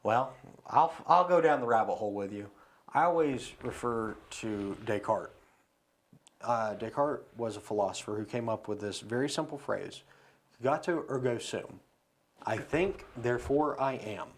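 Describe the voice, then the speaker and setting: A man's voice: lowish voice, moderate pace. A man as a podcast guest, talking through philosophy and telling a story in a casual conversation, recorded in a studio.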